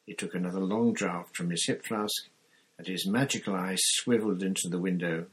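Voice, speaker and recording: Casting: low, husky male narrator, steady audiobook reading. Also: normal speed, poor audio. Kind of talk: scripted narration.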